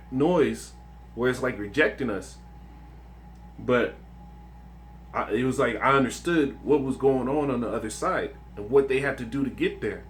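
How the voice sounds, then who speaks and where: A man's voice: medium pitch, a little hiss or hum. Earnest man giving casual religious testimony. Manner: earnest and conversational, with many restarts and "man". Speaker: religious video speaker. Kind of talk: informal religious testimony and scripture reading.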